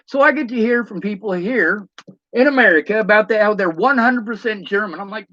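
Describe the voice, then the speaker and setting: A man's voice: high-pitched, brisk, pushed and bright, no echo, lo-fi sound. A man delivering a blunt, profane rant as a monologue to camera, throwing out rhetorical questions. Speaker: vlogger.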